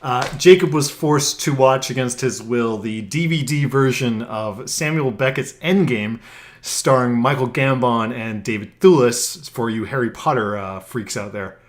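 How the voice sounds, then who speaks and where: A man's voice: mid-range voice, measured pace. A man co-hosting a comedy podcast, chatting casually and laughing easily. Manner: giggly, breaks into laughter easily. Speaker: podcast co-host.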